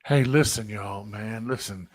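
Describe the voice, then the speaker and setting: Excitable male live-stream host, effusive, dry close sound. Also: lowish voice, measured pace, no room sound. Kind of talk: live stream shout-outs.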